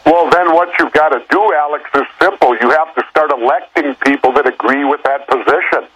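A man's voice: on the high side, fairly quick, fairly bright tone, husky, dry recording, poor audio. A man talking as a guest on a political talk show, plain-spoken and argumentative. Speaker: guest, former governor.

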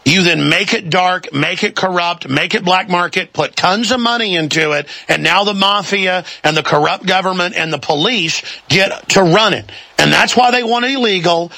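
Fired-up host guy, high gravelly voice, sharp and punchy, dry close sound. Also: no echo. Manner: fast, forceful, repetitive restarts. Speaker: talk show host. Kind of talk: political talk show conversation.

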